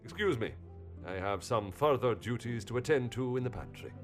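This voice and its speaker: An actor playing a polite, formal household servant in a manor, with video game music behind him. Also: male voice, medium pitch, expressive, moderate pace, lightly acted.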